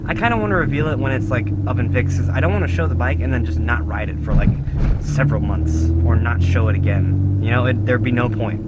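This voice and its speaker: Rambling young man over loud road noise. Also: medium pitch, expressive, a little fast. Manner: rambling, filler-heavy, self-mocking. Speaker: motorcycle vlogger. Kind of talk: casual vlog chat. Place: riding a motorcycle outdoors. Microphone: head-strap camera mic. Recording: loud wind and engine noise.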